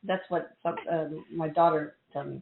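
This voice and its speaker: A woman's voice: deep voice, fairly even intonation, moderate pace, slight background noise. A middle-aged woman hosting a radio show, chatting casually and rambling with restarts. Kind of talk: casual chat. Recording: echoey, tinny phone-like line.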